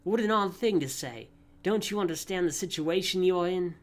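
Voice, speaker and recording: A man's voice: sits high, moderate pace, voice pushed up, lightly acted. A man doing a stern Australian woman soldier. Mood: puzzled.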